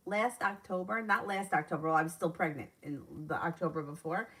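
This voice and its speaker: A woman's voice: lowish voice, a little fast, fairly bright tone, a little hiss or hum. A woman reading viewers' questions aloud and answering them as a tarot reader on a live stream, chatting and laughing between readings.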